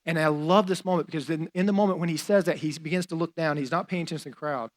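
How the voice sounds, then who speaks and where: A man's voice: on the high side, fast. A man preaching a sermon as a pastor, in a conversational style with fillers and casual asides.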